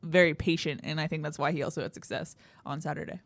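A woman's voice: low-pitched, steady tone, fast talker, creaky, dry recording. A woman co-hosting a sports podcast in an upbeat, chatty manner. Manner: upbeat, laughs often. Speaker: podcast co-host. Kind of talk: casual sports chat.

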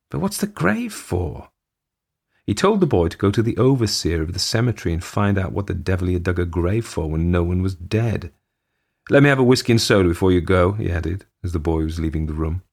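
Brief: man reading a short story aloud, measured pacing, a deep voice with a rough grain. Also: a little mellow. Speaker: audiobook narrator. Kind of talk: scripted narration of a short story.

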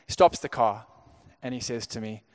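A young pastor from Zimbabwe tells a story from the pulpit in an easy, conversational way. His voice sits at a middle pitch, and he trips over and repeats his words as he goes. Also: normal speed. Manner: conversational, frequent stammered restarts. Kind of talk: sermon storytelling.

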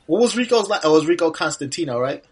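A man's voice: fairly high pitch, lively intonation, racing, slightly rough. A man co-hosting a podcast, chatting easily and agreeably while watching an old wrestling match, laughing often. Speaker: podcast co-host.

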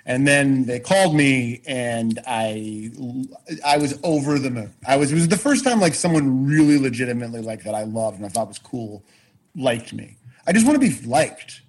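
Husky man telling a story. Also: medium pitch, normal speed, poor audio. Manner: animated, swears freely, many restarts. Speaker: podcast guest. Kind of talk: casual storytelling chat.

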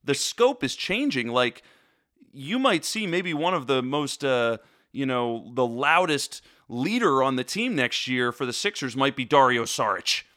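A man's voice: mid-range voice, expressive, unhurried, pushed and bright, no echo, clean studio sound. A man talking basketball in a loose, rambling casual chat, full of "you know" fillers. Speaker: basketball talk co-host.

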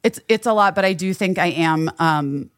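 A woman's voice: fairly low pitch, moderate pace, clean tone, dry recording, clean studio sound. A woman co-hosting a podcast, telling stories in a casual chat and acting out other people's voices. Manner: animated storytelling, acts out others' voices. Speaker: podcast co-host.

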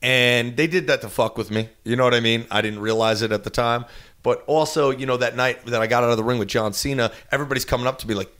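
A man in his thirties with a New Jersey accent, telling a lively story as an interview guest and acting out the quotes. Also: moderate pace. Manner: animated, acts out quotes with big pitch jumps.

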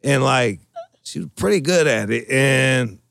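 A man's voice: medium pitch, lively intonation, unhurried, creaky, a bit bright, no room sound. Guy rambling thru a crude story, swears constantly, lots of "like", dry close sound. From Michigan. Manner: profane, rambling, lots of fillers and restarts. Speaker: storyteller guest. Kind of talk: casual chat, crude anecdote.

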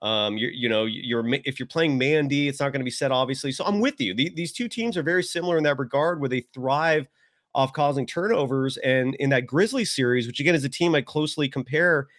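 A man's voice: medium pitch, a little fast, fairly bright tone. Rambling, enthusiastic podcast guest man. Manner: rambling, restarts often, enthusiastic. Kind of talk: casual sports podcast chat.

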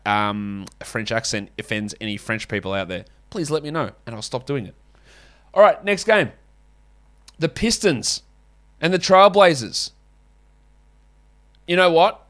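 A man's voice: mid-range voice, animated, unhurried, long pauses, a bit bright. Male host, solo podcast, casual and blunt with frank opinions and loose swearing. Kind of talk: solo basketball fantasy podcast.

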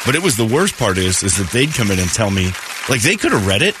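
A man's voice: on the low side, very animated, quick pace, crowd noise, noisy background. A man hosting a morning radio show, telling rambling, jokey stories in casual chat. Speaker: radio host.

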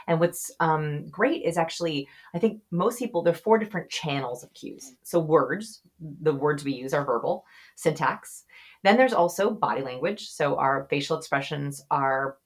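Husky-voiced woman explaining eagerly. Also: low voice. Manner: quick, expressive explainer who acts out example voices. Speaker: author and researcher guest. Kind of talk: podcast interview.

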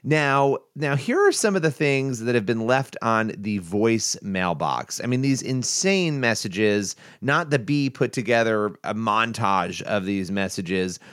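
A man's voice: fairly low pitch, lively intonation, unhurried, hardly any pauses, fairly bright tone, dry recording, clean studio sound. A man co-hosting a faith news podcast, recapping a story conversationally with fillers and restarts. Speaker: podcast co-host. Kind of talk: news commentary chat.

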